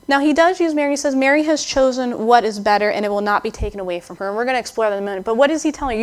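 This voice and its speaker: A woman delivering a sermon in a relaxed, conversational way, slipping into the voices of the people she quotes. Her voice sits somewhat high for a woman, and she sounds like a young adult. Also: very fast, hardly any pauses. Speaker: preacher.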